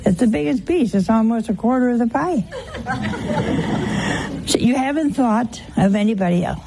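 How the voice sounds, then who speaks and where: A woman's voice: on the high side, animated, normal speed, gravelly, crowd noise, background noise. An older woman preaching a sermon in a folksy, teasing way, full of rhetorical questions.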